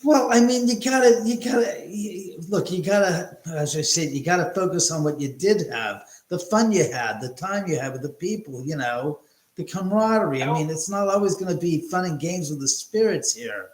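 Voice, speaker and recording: A man's voice: high-pitched, normal speed, roomy sound, poor audio. A man hosting a live stream, chatting casually and telling stories, swearing freely. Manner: animated storyteller, swears freely. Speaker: host.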